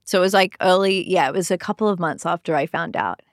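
A woman's voice: lowish voice, quick pace, no echo, clean studio sound. A woman from Sydney with an Australian accent, chatting casually as a guest in an interview, laughing easily and filling her talk with "like". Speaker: actor, guest.

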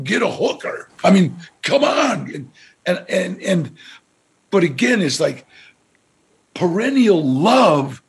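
Gravelly older man, halting storyteller. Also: fairly high pitch. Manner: halting, repeats words, animated when quoting others. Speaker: actor, interview guest. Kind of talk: casual storytelling.

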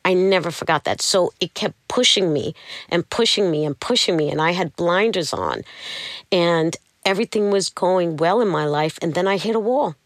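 A middle-aged woman telling her personal story in an interview, animated and acting out the people she quotes. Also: fairly low pitch, moderate pace, no echo, studio quality. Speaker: interview guest.

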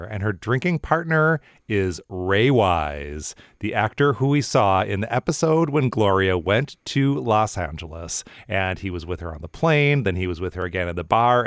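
A man co-hosting a podcast, giving relaxed, wry commentary on a TV episode. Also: fairly low pitch, smooth, dry recording, clean studio sound. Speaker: podcast co-host. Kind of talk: casual TV recap chat.

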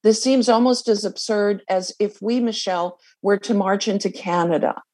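A woman's voice: mid-range voice, fairly even intonation, moderate pace, darkish tone. A woman lawyer interviewed on radio, speaking in an earnest, explanatory way.

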